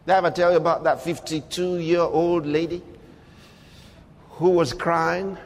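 A man preaching a sermon, emphatic, with big swings in loudness and a husky voice. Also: fairly high pitch, steady tone, a little slow. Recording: long hall reverb.

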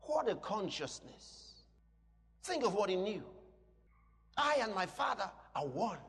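Man, preacher, sermon, very high voice, emphatic, long hall reverb. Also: sing-song, slow pace. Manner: emphatic, swings from quiet teaching to shouted declarations.

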